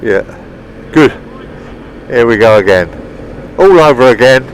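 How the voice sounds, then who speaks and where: A man's voice: medium pitch, expressive, a little slow, pauses often, rough recording. A middle-aged man chatting cheerfully on a motorbike ride, commenting as he goes, recorded outdoors on a helmet mic. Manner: chatty, cheerful, talking while riding. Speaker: motorbike vlogger. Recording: wind noise on the mic.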